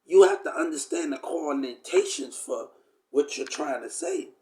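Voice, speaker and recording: A man's voice: on the high side, wildly swooping pitch, normal speed, dark tone. A man ranting to his viewers in a rambling, preachy way, repeating himself and speaking to them directly. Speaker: vlogger. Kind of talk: rambling direct-to-camera rant.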